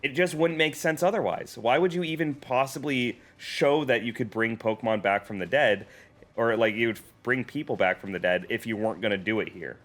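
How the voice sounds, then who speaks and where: A man streaming a video game, chatting casually, reading its dialogue aloud and reacting with excited, jokey swearing. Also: mid-range voice, fairly quick. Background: faint game music.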